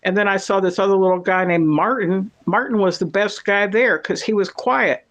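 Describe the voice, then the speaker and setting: A man's voice: high-pitched, moderate pace, fairly bright tone. A man from Texas, telling rambling stories in casual chat with dry, sarcastic asides.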